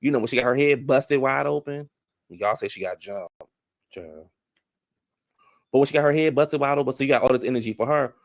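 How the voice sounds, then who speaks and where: A man giving a sassy, casual recap of a reality show, talking back to what happened on screen, drawling some words and rushing others. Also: mid-range voice, dry recording, studio quality.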